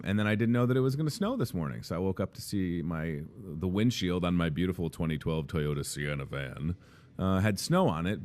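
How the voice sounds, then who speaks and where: A man in his thirties hosting a casual show from a grocery store café, jokey and rambling. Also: low voice. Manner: jokey, rambling, self-deprecating. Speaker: host. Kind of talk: casual chat.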